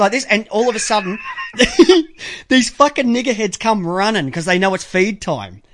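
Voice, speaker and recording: An Australian man hosting a casual call-in show, telling crude, rambling anecdotes with loud outbursts. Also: high-pitched, very animated, moderate pace. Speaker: podcast host.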